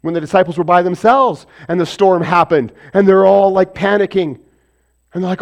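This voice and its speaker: A man preaches a sermon in a high-pitched, steady voice at a moderate pace. He poses rhetorical questions and answers them himself, acting out biblical and everyday voices from the stories he tells.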